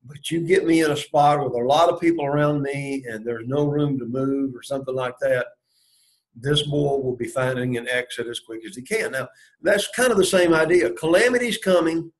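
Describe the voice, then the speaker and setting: A man's voice: mid-range voice, moderate pace, poor audio. A man leading a Bible study lesson, going through the verses and asking and answering his own questions. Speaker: Bible class teacher.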